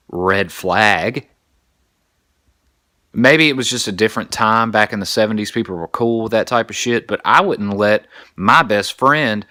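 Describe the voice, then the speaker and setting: Animated man with bright, dry voice. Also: mid-range voice, no echo. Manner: animated storytelling, crude and emphatic. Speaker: podcast host. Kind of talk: casual comedic monologue.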